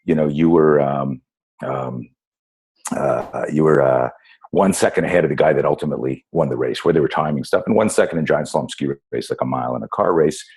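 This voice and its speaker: A man in his fifties, a guest on a podcast, telling stories in a lively, casual way full of fillers and restarts. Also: very deep voice, brisk, husky. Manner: animated storyteller, many fillers and restarts. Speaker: guest, self-defense instructor. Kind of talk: casual storytelling interview.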